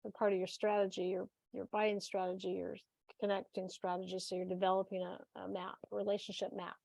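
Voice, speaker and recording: Animated woman telling stories, dry sound. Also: medium pitch, fairly quick, gravelly, no room sound. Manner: animated storyteller, acts out the people she quotes. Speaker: webinar co-presenter. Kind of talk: casual webinar chat, telling anecdotes.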